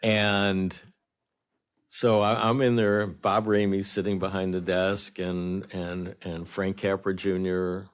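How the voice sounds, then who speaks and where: A man, a guest film director, telling anecdotes in a lively way and acting out the lines of the people in them. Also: low-pitched, takes it slowly, clear, resonant tone. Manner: animated storyteller, acts out dialogue. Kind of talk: anecdotal storytelling.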